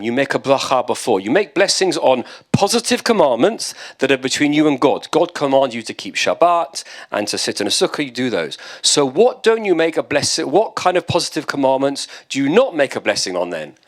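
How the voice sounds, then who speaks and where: A British man, a rabbi, teaching a text-study class in a conversational, lively way with asides and jokes. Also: mid-range voice, normal speed. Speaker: rabbi and lecturer.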